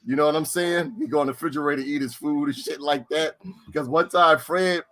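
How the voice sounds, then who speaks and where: A middle-aged man telling stories in casual chat. He is animated, swears freely and repeats his lines for effect. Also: on the high side, a little fast. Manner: animated, profane, repeats himself. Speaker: storyteller.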